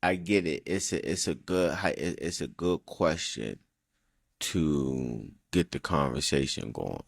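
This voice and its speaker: A man with a very low, gravelly voice argues in a casual podcast debate. He is blunt and profane and stammers as he restarts. The sound is dry and close. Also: animated, measured pace, dry recording. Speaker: podcast co-host.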